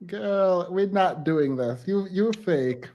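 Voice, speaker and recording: A man hosting a casual livestream chat, teasing his guests in quick playful banter. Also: high-pitched, lively intonation, dark tone. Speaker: livestream host.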